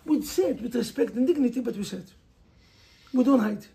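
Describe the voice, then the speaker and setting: A man's voice: extremely high pitch, animated, a little fast, vocal fry, warm tone. A man with an Israeli accent, a native Hebrew speaker, giving an emphatic motivational sermon as a rabbi and pressing listeners with rhetorical questions.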